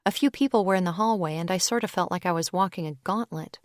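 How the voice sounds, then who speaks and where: A woman's voice: fairly low pitch, fast talker, no room sound, studio quality. Woman narrating a young adult novel. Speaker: audiobook narrator. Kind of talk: first-person audiobook narration.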